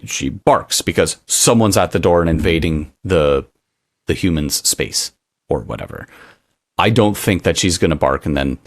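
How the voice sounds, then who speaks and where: A man co-hosting a podcast, talking casually and sarcastically, acting out little voices for what dogs might be thinking. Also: extremely low pitch. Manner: animated, sarcastic, acts out dog thoughts in voices. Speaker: podcast co-host. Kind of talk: casual chat.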